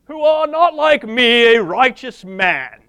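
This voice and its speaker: A smug, self-righteous man prays aloud in a high, haughty, put-on British accent, stretching his words as he thanks heaven he is better than everyone else, as a preacher acts him out. The voice sits well above an ordinary man's pitch, lofty and pompous. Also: animated, vocal fry, sharp tone, clean tone, heavily acted. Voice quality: haughty, drawn-out praying tone.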